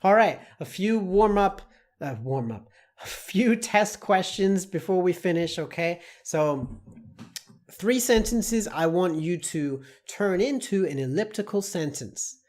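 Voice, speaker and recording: A man teaching an online English lesson, explaining slowly and deliberately with many spoken examples. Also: high voice, lively intonation, a little mellow.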